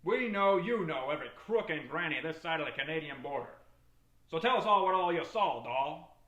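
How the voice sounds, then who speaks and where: A man playing an excitable, bumbling young detective in a comedy web drama. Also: fairly high pitch, brisk, reverberant, lo-fi sound. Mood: goofy. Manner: excitable, jokey. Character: bumbling young male detective, eager and goofy.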